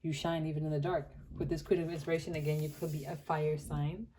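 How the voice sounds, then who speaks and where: Young woman from Botswana, low mellow tone, animated casual tarot reader. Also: quick pace, slight background noise. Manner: chatty and animated, many "like" fillers, laughs often. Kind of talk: casual pick-a-card tarot reading.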